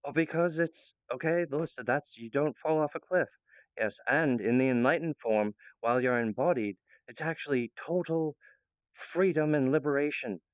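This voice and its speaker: A man's voice: mid-range voice, moderate pace, clear, resonant tone, dry recording. A young man talking in a meandering monologue, laughing often and breaking off mid-sentence. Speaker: channel host. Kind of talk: rambling monologue. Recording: dull, lo-fi, dry sound.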